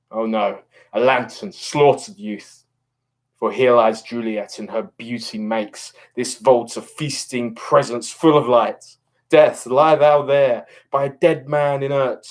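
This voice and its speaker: A man's voice: medium pitch, fairly even intonation, takes it slowly, close to an everyday voice. A man reading the part of Romeo, a grief-stricken young lover, in an impassioned, declamatory way. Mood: grieving, impassioned. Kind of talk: dramatic reading of a play.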